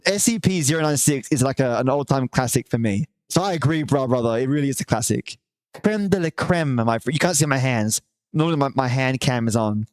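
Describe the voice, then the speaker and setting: A man's voice: on the high side, no echo, clean studio sound. A man hosting a live stream from home, chatting affectionately with viewers, restarting often and stretching his greetings. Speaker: livestream host. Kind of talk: casual chat with viewers.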